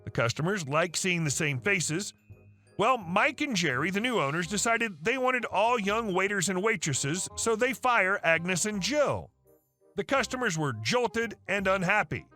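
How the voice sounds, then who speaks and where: A man's voice: high voice, animated, moderate pace, sharp tone. A man narrating online stories in a casual, wry storytelling tone. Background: faint music.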